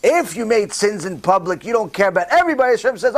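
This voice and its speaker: A middle-aged man preaches in a sermon, his voice sitting fairly high. He swings his pitch widely and acts out the voices of people he quotes. His delivery is animated and expressive. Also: fast talker, hardly any pauses. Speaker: rabbi.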